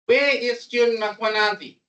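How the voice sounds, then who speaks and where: A man giving a classroom programming lecture, animated and repetitive as he coaxes his students along. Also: very high-pitched, measured pace, dull audio. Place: lecture room. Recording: voice distant from the mic.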